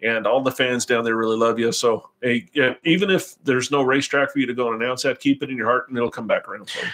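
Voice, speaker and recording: A man's voice: mid-range voice, fast, a bit bright. An older man hosting a casual live racing stream, joking and rambling with crude asides. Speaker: host.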